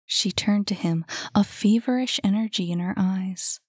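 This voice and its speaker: A woman narrating a novel aloud in a soft, calm voice. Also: mid-range voice, breathy edge, no echo, studio quality. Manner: soft, calm, unhurried reading. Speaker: audiobook narrator. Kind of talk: scripted narration.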